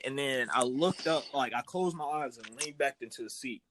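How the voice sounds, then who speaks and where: A young man co-hosting a podcast, telling stories in an animated, laughing way. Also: mid-range voice, fairly quick, slight background noise. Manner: animated storyteller, loud laughing retellings. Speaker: podcast co-host. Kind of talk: casual chat.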